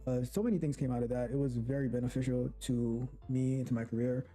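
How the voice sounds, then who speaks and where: A man gives a recorded self-introduction about his working life. He speaks hesitantly and pauses often. His voice sits at an ordinary middle pitch, with faint music behind him. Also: fairly even intonation, dark tone. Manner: hesitant, with many pauses and fillers. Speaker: quality assurance engineer.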